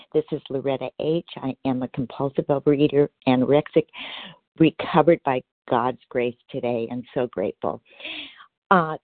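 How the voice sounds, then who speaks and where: A woman speaks with earnest, plain-spoken sincerity as she shares on a recovery meeting call. Her voice comes through a narrow telephone line. The sound is close and dry, with no room echo. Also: low voice. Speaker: meeting member sharing. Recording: dry phone-line audio.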